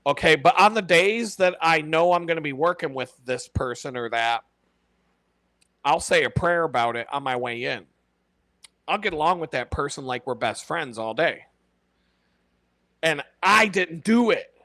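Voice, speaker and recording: A man hosting a casual live stream, talking in an animated, profane way and laughing often. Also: on the high side, moderate pace, pauses often, no echo.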